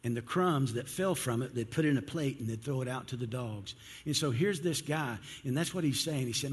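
A man's voice: medium pitch, a little fast, hardly any pauses, slightly rough. A male pastor preaching a sermon in an earnest, conversational way. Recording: long hall reverb.

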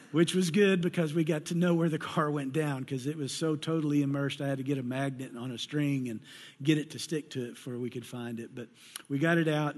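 A man's voice: mid-range voice, a little mellow, husky. A middle-aged man preaching a sermon, telling folksy personal stories and acting out the voices of the people in them. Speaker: pastor. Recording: long hall reverb.

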